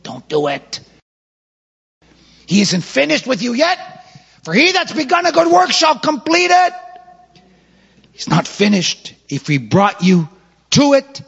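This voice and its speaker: High-voiced male preacher. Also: huge pitch swings, unhurried, vocal fry, pauses often, slightly rough. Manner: dramatic, swings from loud exhortation to hushed storytelling. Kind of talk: sermon. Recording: muffled hall with long reverb, faint music.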